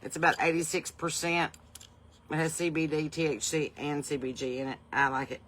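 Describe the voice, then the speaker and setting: A woman's voice: sits low, flat delivery, brisk, a bit bright, rough recording. A Southern woman hosting a casual livestream from her porch, chatting folksily and greeting viewers by name. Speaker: podcast host and country singer. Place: home porch.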